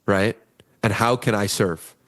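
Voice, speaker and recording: A man's voice: on the low side, steady tone, a little slow, a bit bright. A young man guest in a podcast interview, telling personal stories in an earnest way and acting out the voices of people in them. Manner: earnest, acts out quoted voices in his stories. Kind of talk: conversational interview storytelling.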